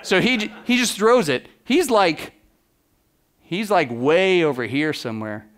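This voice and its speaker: Man, conference keynote, casual animated storytelling, slightly high voice, loose fillers. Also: unhurried. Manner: animated storytelling, acts out quotes with voice drops; casual, many "like" and "you know" fillers. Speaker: photographer giving a keynote. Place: conference stage before an audience.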